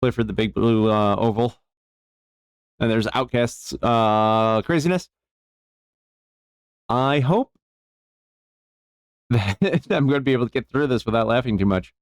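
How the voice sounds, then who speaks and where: A man's voice: mid-range voice, a little slow, pauses often, smooth, no echo, clean studio sound. A man chatting casually on a live stream from his jewelry workbench, easygoing and rambling as he thanks viewers. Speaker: jeweler streaming bench work.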